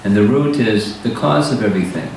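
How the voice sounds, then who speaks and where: A man giving a slow, deliberate scripture lecture as a spiritual teacher, pausing often to let points sink in. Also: fairly low pitch, vocal fry. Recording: very echoey hall, voice from far off, faint hiss.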